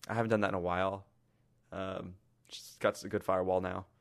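Low-voiced, dry-humoured young man. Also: little pitch movement, a little fast, gravelly. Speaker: podcast co-host. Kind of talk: casual chat.

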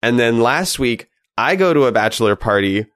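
A man's voice: medium pitch, expressive, normal speed, a bit bright, no room sound, studio quality. A man hosting a podcast, chatting in an upbeat, joking way. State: recovering from a cold. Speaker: podcast host. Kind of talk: casual podcast chat.

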